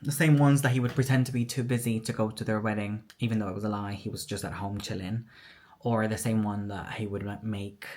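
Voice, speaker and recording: This vlogger's voice sits extremely low, warm and steady, at a slightly fast pace. She recounts something personal with candor and emotion, quoting and performing other people's lines.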